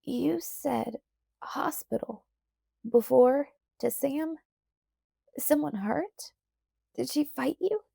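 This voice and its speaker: A woman reading the lines of a hoarse, shaken young woman in an audiobook, asking anxious, higher-pitched questions. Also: drawn-out words, pauses often, dark tone, no room sound, clean studio sound, exaggerated voice.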